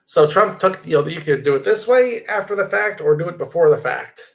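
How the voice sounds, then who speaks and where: A man's voice: fairly high pitch, expressive, brisk, vocal fry. A middle-aged man hosting a casual live stream from his computer desk, rambling, reading viewer comments aloud and inviting people to join.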